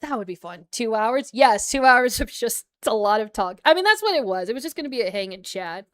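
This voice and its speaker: Chatty young American woman streamer, smooth voice. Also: fairly high pitch, lively intonation, fairly quick. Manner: rambling, chatty, laughs often, many fillers. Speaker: VTuber streamer. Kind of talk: casual livestream chat.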